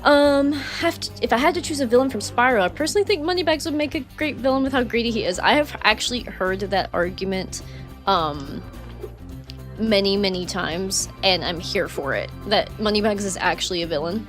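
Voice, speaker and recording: A woman's voice: mid-range voice, fairly quick, soft background music. A woman streaming a game live, chatting casually and rambling with lots of fillers, effusive toward her viewers. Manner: chatty, rambling, frequent fillers, reads chat aloud. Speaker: gaming streamer. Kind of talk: casual live-stream chat while playing.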